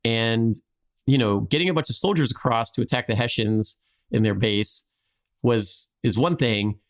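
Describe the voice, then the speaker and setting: A man's voice: mid-range voice, normal speed. A man hosting a podcast, telling a history story in a rambling, casual way with frequent restarts and laughs.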